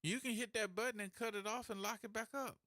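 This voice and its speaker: A man hosting a call-in radio talk show, telling stories in a folksy, animated way. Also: high-pitched, fast talker, no echo, clean studio sound. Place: radio studio. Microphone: studio mic.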